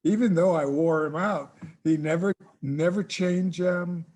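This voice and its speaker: An older man and former ballplayer, relaxed and casual, telling a long anecdote in an interview and acting out the dialogue. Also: on the high side, unhurried. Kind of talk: casual storytelling.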